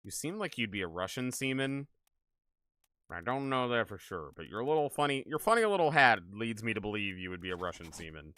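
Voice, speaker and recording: A man's voice: on the low side, big pitch swings, a little fast, sharp tone, no room sound. A man streaming a game, joking with chat and thinking aloud as he plays. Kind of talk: casual gaming stream chat.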